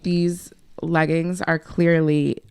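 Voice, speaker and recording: Woman, podcast co-host, low voice, smooth and resonant, blunt, laid-back, casual swearing. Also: level tone, slow, darkish tone. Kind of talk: casual chat.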